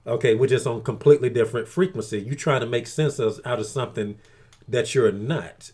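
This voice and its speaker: Male vlogger, casual crude monologue, swears freely, rambles with many "okay"s, average pitch. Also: a little fast, darkish tone. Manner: crude, profane, repeats "okay" often. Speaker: video blogger.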